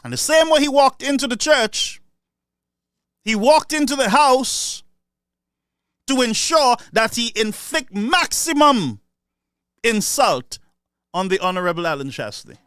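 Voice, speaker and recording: A man's voice: very high voice, lively intonation, a little slow, long pauses, a bit bright, clear, resonant tone, dry recording, clean studio sound. A man with a Saint Lucian accent giving an impassioned political speech, sarcastic and mocking. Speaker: political commentator.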